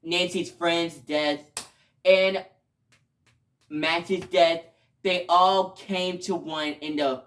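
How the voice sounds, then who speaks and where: A man giving a casual video review, talking emotionally and rambling, with sudden loud outbursts between quieter stretches. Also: fairly high pitch. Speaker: show reviewer.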